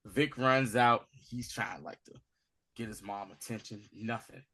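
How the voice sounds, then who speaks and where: A man hosting a casual recap, acting out scenes with slang and swings from loud to hushed. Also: fairly low pitch, measured pace. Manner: acts out scenes in dramatic voices, swinging from shouting to hushed; profane, street slang. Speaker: podcast host recapping a TV episode.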